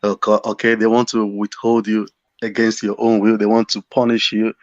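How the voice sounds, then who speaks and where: A man speaking as a panelist on a talk show, explaining calmly over a dull remote line. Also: fairly low pitch, normal speed, no echo.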